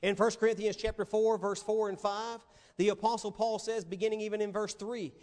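A man's voice: high-pitched, little pitch movement, brisk, a little mellow, in a large hall. A male pastor preaching a sermon in an emphatic, dramatic way.

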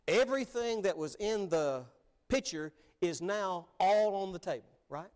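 High-voiced earnest male preacher. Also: lively intonation, unhurried, darkish tone. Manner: earnest preaching, rising to emphatic peaks. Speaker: pastor. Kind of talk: sermon.

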